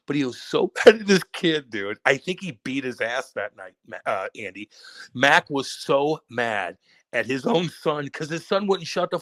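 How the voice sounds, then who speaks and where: A man's voice: a little high, no echo. Profane storytelling podcast co-host, man. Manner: profane, animated storytelling with acted quotes. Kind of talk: casual storytelling chat.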